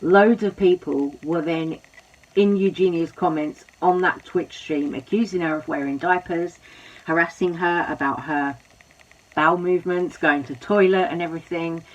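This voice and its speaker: A woman's voice: fairly low pitch, steady tone, moderate pace. A woman hosting a commentary video, speaking sympathetically and rambling with many "you know" fillers. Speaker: commentary host. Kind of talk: commentary talk. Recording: dull lo-fi audio.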